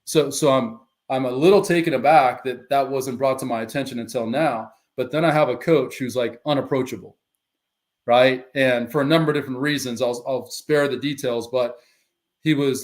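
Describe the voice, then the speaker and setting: A middle-aged man recounts his story on a podcast in a candid, lively way. He slips into quoted dialogue as he talks. His voice sits at an ordinary middle pitch. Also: moderate pace. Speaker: guest, former pro football player and life coach.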